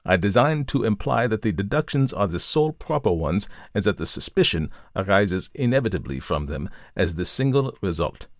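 Man reading calm methodical detective, lecturing tone, lowish voice, dry close sound, audiobook. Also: dry recording. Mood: reasoning. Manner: measured, lecturing, reasoned. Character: calm, methodical male detective, middle-aged.

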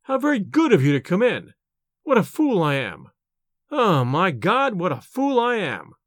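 A man voicing a rattled, secretive male scholar in a storybook reading, speaking slowly and evasively. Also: sits high, wildly swooping pitch, no echo, studio quality, full character voice.

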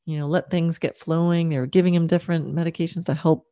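A woman's voice: low voice, steady tone, fast, warm tone, dry recording. A middle-aged woman telling a personal story in an earnest, reflective way, often checking in with "right?" and "you know". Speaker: horse owner sharing a personal story. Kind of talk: casual storytelling monologue.

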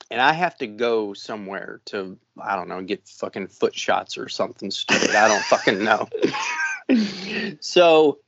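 A man's voice: mid-range voice, a bit bright, no echo. Middle-aged man, podcast co-host, swearing storyteller, dry dull recording. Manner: profane, ranting storyteller. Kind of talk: casual chat, storytelling.

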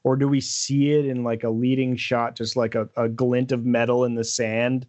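A man's voice: mid-range voice, level tone, moderate pace, a little mellow. A man co-hosting a podcast, rambling in casual chat with lots of fillers. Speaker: podcast co-host.

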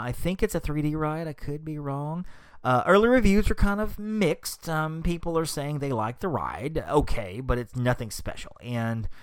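Man, podcast host, casual chat, upbeat, dry close sound, mid pitch. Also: fairly bright tone, dry recording. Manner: chatty, upbeat, thinks aloud. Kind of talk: casual solo podcast talk.

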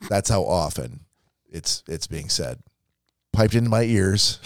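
A man's voice: low-pitched, expressive, unhurried, no echo, clean studio sound. A man co-hosting a podcast, talking casually, blunt and opinionated and swearing freely. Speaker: podcast co-host. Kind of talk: casual chat.

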